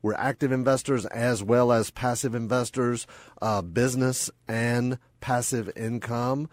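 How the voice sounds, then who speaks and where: A man's voice: mid-range voice, steady tone, a little slow, dry recording. A man hosting a radio show, talking in casual banter that is playful and joking.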